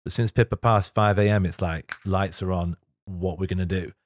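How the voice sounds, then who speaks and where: A man's voice: deep voice, fairly even intonation, normal speed, no echo, studio quality. A middle-aged man, a guest on a podcast, talking candidly in casual chat, laughing often and sometimes tearful. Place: podcast studio. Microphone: studio microphone.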